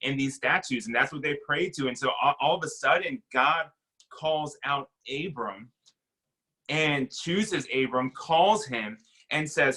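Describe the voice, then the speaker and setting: A young adult man giving a casual, conversational sermon as a pastor, acting out quick bits of dialogue. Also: on the high side, animated, pushed and bright, breathy edge, low-quality recording.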